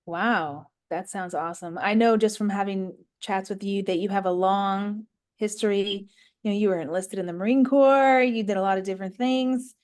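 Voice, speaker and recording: A woman's voice: mid-range voice, steady tone, normal speed, darkish tone. A woman hosting a podcast, reading an upbeat scripted intro and then chatting encouragingly with her guest. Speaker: podcast host.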